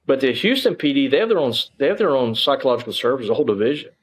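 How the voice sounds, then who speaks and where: A man's voice: mid-range voice, very animated, racing, husky, poor audio. A man, a former police officer telling his story as an interview guest in a rambling way, full of restarts and fillers.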